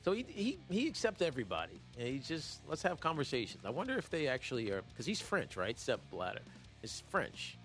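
A man hosting a sports talk show, rambling and joking in a casual, animated way with lots of fillers. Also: mid-range voice, fairly quick, soft background music. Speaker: sports radio host.

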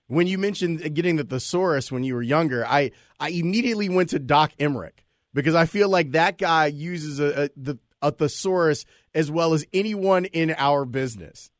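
A man's voice: a little high, normal speed, dry recording, clean studio sound. A man hosting an interview, asking his guest conversational questions. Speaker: podcast host.

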